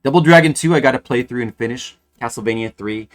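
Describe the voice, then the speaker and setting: A man's voice: medium pitch, fast talker. A man streaming games, chatting casually and thinking aloud, rambling with frequent restarts. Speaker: game streamer. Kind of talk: casual live-stream chat.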